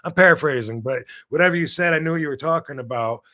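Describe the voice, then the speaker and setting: A middle-aged man hosting a live stream from a video call, his voice pitched a little higher than most men's. He rambles in animated bursts, restarting and cursing casually, like a loose, unscripted chat between friends. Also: quick pace. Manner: rambling, animated, swears freely. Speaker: show host. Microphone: video call setup.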